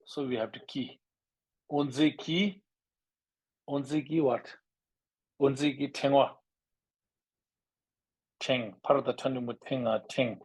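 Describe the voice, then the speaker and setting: Bhutan-born male teacher, husky, mid-pitched, patient drill of sounds, halting delivery. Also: a little mellow, no echo, poor audio. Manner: halting, repeats words, drills sounds aloud. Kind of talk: language lesson.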